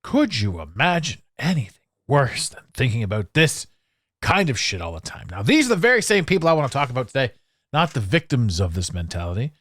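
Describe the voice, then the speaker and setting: A male podcast host rants through a solo monologue, sarcastic and profane. His pitch leaps and drops all over the place, and his mid-range voice is recorded dry and up close. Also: wildly swooping pitch, brisk, a bit bright, no echo.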